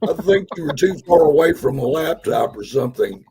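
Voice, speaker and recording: A man with a raspy voice joining a casual livestream chat, making folksy, drawling jokes. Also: a little high, expressive, brisk, dark tone.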